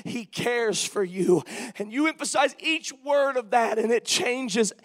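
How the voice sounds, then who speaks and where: A man with a very high voice preaching a sermon. He drops to near-whispered musing, then builds to shouted, drawn-out declarations. The sound rings with the long echo of a big hall. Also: animated. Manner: swings from quiet musing to shouted, emphatic preaching.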